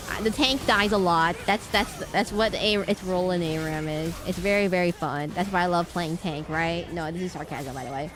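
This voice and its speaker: A woman streaming a video game, chatting casually in a rambling, self-correcting way. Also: lowish voice. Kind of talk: casual gameplay chat.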